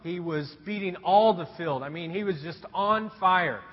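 Male pastor, storytelling sermon, husky tone, muffled hall recording. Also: high voice, normal speed. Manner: animated storytelling with rhetorical questions. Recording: dull recording in a reverberant hall.

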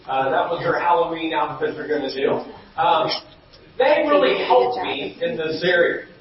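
A man's voice: a little high, animated, moderate pace. A middle-aged man preaching a sermon as pastor, telling stories and acting out quotes. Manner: storytelling with acted-out quotes, rising to shouts. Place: church sanctuary. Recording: dull, echoey hall from far off.

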